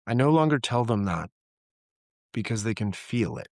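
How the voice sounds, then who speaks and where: A middle-aged man telling candid personal stories in a relaxed conversational way, reflective and animated when he quotes people. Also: medium pitch, normal speed, no room sound, studio quality. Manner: reflective, acts out quoted dialogue with laughs. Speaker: podcast guest, therapist.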